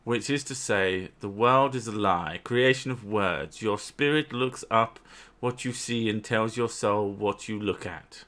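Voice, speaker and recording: A man's voice: lowish voice, a little slow, a bit bright. A man hosting casual chat at home with his wife, bantering and arguing with lots of swearing. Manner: profane, argumentative banter. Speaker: channel host.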